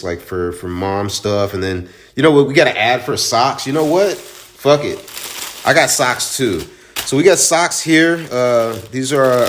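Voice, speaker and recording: A man who owns a comic shop, casually recapping a comic book in a rambling, profane, chatty way. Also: medium pitch. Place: own store in Houston.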